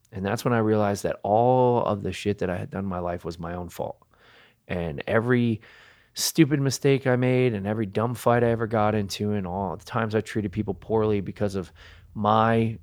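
Man in his thirties, low voice, earnest, confessional podcast guest. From New Jersey, USA. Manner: earnest, confessional, speaks slowly with pauses. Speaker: guitarist guest. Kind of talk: candid podcast interview.

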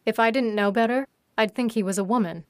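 A woman voicing a forceful young woman who speaks in a sarcastic, teasing way. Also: fairly high pitch, brisk, dry recording, clean studio sound, close to an everyday voice.

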